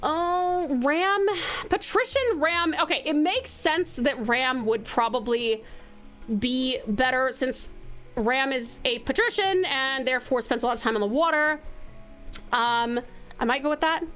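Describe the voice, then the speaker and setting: An Australian woman streaming a game, chatting warmly with viewers and reading the game's narration. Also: high voice, measured pace, smooth, faint music behind. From Tasmania, Australia. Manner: bubbly and affectionate with chat.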